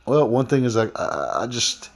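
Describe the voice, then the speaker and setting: A man's voice: medium pitch, sing-song, moderate pace. A man, a former delivery driver, speaking in a rambling, aggrieved casual vlog with many fillers. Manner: rambling, frequent fillers and restarts.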